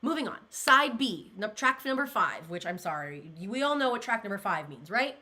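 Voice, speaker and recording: A woman's voice: mid-range voice, very animated, moderate pace, pushed and bright. A young woman vlogging in casual chat, gushing and rambling with many fillers, getting emotional as she reacts to viewer comments. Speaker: pop culture vlogger.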